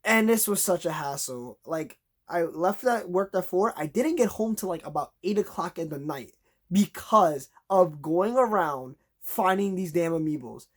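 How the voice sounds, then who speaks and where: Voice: medium pitch, expressive, moderate pace. A vlogger telling a long, exasperated story in a casual rant, acting out conversations in a raised voice.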